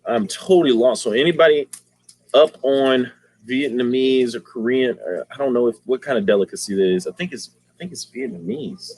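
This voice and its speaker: A man's voice: medium pitch, moderate pace, a little mellow, breathy edge. A man hosting a casual aquarium livestream, talking in slang and greeting viewers by name.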